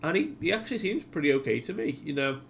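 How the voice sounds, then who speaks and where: A man's voice: on the high side, sing-song, fast, creaky, slight background noise, voice pushed up. Man doing a cheery carefree young pirate captain. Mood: confident.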